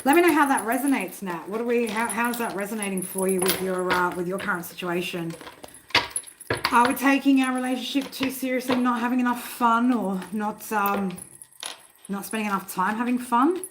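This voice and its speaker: A casual, chatty woman reading tarot live from her home, with noise clearly audible behind her voice. She swears freely, laughs easily and talks straight to the chat. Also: on the high side, steady tone, normal speed. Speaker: tarot reader hosting a live stream. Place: home room.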